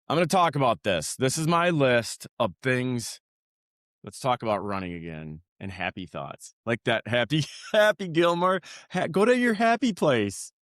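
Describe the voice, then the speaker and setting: Animated, ranting male podcast host. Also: medium pitch, dry recording, studio quality. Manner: ranting, profane, rambling with restarts. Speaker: healthcare worker. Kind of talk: casual podcast monologue.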